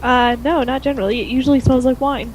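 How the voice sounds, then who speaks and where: A woman's voice: high-pitched, fairly even intonation, quick pace, dull audio, a little hiss or hum. A woman co-hosting a casual podcast chat, telling stories and laughing at herself. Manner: chatty storyteller, laughs at herself. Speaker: podcast co-host.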